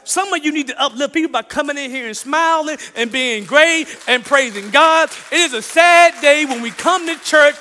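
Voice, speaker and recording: A man preaching with a high, bright voice, full of energy as he tells a story. He repeats phrases and chuckles as he speaks. The sound carries a long echo, as in a big church hall. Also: moderate pace, hardly any pauses, slight background noise. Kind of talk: sermon with personal story.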